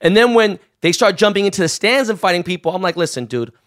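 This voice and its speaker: Fast-talking profane storyteller man. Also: high voice. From Los Angeles. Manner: profane, animated anecdote-telling with voiced quotes. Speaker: guest. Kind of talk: casual storytelling chat.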